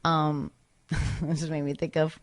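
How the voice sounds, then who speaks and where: A woman's voice: deep voice, slow pace. A rambling woman telling a story. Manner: rambling, self-interrupting, animated when retelling. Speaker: podcast guest, former sketch comedy cast member. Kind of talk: casual anecdote telling.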